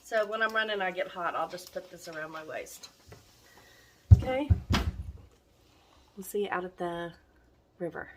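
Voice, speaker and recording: A woman's voice: lowish voice, moderate pace, long pauses. A middle-aged woman chatting to camera in a casual, disappointed, rambling way. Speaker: vlogger. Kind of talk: casual vlog talk to camera. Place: in a car on a rainy day. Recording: noisy car recording.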